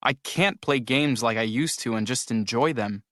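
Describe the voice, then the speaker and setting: A man's voice: mid-range voice, moderate pace, fairly bright tone, dry recording, clean studio sound, natural voice. An actor playing a young man who complains, weary of his video game testing job, in a scripted textbook dialogue.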